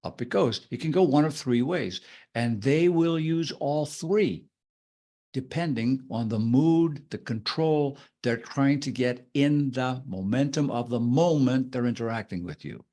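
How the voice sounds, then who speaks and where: A man co-hosting a podcast in a relaxed, talkative way. His voice sits at a middle pitch. He acts out his points as he explains them, stretching words, sinking to a whisper and shifting his inflection. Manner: demonstrative, acts out vocal tricks with drawn-out words and whispers. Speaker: podcast co-host. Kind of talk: casual podcast discussion.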